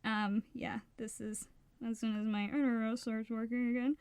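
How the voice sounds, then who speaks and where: A woman's voice: on the high side, level tone, moderate pace, darkish tone, clear, resonant tone, dry recording. A woman co-hosting a casual podcast, talking frankly and with feeling, swearing freely and often restarting her sentences. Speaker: podcast co-host.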